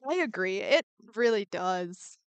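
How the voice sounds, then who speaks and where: A woman's voice: mid-range voice, big pitch swings, a little slow, clean tone, no echo. Bubbly woman chatting while she draws. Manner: bubbly, chatty, reads and answers chat, mutters while drawing. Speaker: art streamer. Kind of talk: casual live-stream chat while drawing.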